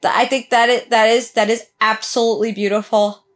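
A woman's voice: fairly high pitch, little pitch movement, a little fast. A young woman hosting a show reaction, exclaiming, swearing and crying out as she watches, then talking through her thoughts. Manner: exclaims and swears, cries out in distress. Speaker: reaction host. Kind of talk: emotional reaction commentary.

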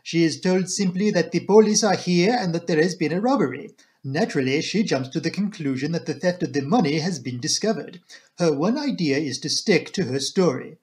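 A man's voice: fairly high pitch, lively intonation, brisk, darkish tone, natural voice. A man voicing a shrewd, fussy older Belgian male detective who talks precisely and drops in French phrases. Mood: explaining.

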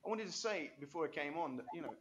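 Man, fifties, animated rambling storyteller, fairly high voice, interview guest. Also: fast talker, highs cut off, a little hiss or hum. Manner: enthusiastic, rambling, many restarts and asides.

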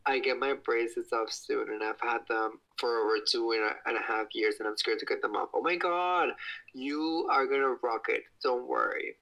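On a low-quality recording, a young man talks at normal speed into a phone held at arm's length in his home kitchen. His livestream chat is casual, gushing, and excitable, punctuated by high squeals.

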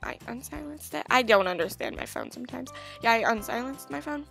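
Gaming YouTuber, young woman, high voice, bubbly and chatty, faint game music underneath. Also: lively intonation, brisk, creaky, a bit bright. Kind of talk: casual let's-play commentary.

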